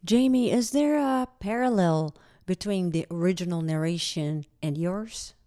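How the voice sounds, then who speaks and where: Female interviewer with a non-native accent; mellow tone, eager questions. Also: lowish voice, measured pace. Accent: non-native English. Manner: curious, enthusiastic questioning. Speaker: interviewer, host. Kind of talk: interview conversation.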